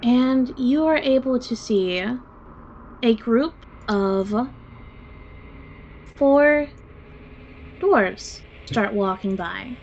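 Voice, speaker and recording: A woman's voice: on the high side, animated, drawn-out words, pauses often, darkish tone, highs cut off, a little hiss or hum. A woman narrating as game master of a tabletop game in a casual way, swearing freely as she sets scenes.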